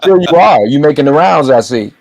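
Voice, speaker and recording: A man hosting an interview, greeting his guest loudly and asking short questions. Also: fairly high pitch, lively intonation, brisk, gravelly, no room sound. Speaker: host.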